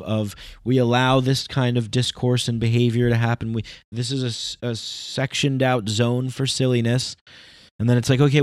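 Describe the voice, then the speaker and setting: A man's voice: mid-range voice, a little mellow, clear, resonant tone, no room sound, studio quality. A man talking in a casual, rambling, philosophical monologue with emphatic bursts.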